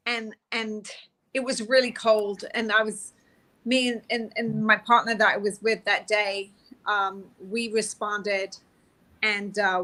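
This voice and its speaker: Bright-voiced woman telling stories. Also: a little high. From England. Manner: chatty, self-deprecating, laughs while telling stories. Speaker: guest, police officer. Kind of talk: casual interview storytelling.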